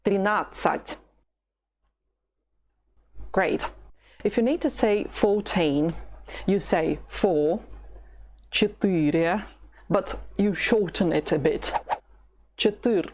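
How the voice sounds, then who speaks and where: A woman from Russia with a Russian accent, a patient language teacher who models words slowly for the listener to repeat. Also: on the low side, darkish tone. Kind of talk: slow language lesson with repetition drills.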